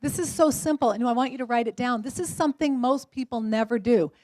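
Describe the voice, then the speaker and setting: A woman in her forties giving a keynote talk at a luncheon, telling lively stories and acting out the voices of the people in them. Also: on the high side, fast talker, no room sound. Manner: lively storytelling, acts out quoted voices. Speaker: motivational speaker.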